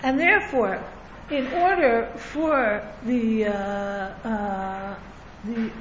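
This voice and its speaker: A woman's voice: fairly high pitch, very slow, background noise. A woman teaching a religious class in a conversational way, often checking in with "right?" and chuckling between points, with listeners in the room. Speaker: Torah teacher. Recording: echoey lo-fi room recording.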